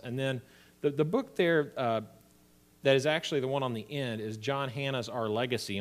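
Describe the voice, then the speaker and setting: Man teaching a church class. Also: mid-range voice. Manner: conversational, checks in with "right?" and "okay?". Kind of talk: classroom lecture.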